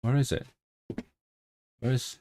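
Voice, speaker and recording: A man's voice: slow pace, mellow. A man chatting casually on a home study livestream, thinking aloud and often restarting his sentences. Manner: chatty and self-interrupting, with frequent restarts. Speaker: language-learning streamer.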